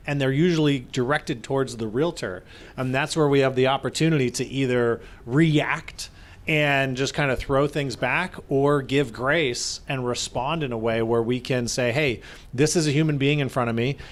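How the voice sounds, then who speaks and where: Earnest man co-hosting a live podcast. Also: medium pitch. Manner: earnest, retells stories with quoted voices. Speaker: podcast co-host.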